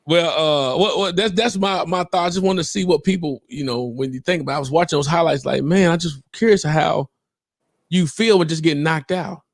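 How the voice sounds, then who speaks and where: A man co-hosting a podcast in casual chat, animated and quick to mimic people and laugh. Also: on the high side, no echo, clean studio sound. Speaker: podcast co-host.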